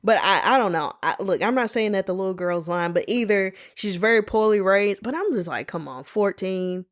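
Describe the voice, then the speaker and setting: A woman hosts a solo podcast, spinning stories in a sassy, animated, colloquial style, calling listeners "y'all" and "baby" and doing playful voices when she quotes people. Her pitch is medium and her delivery brisk.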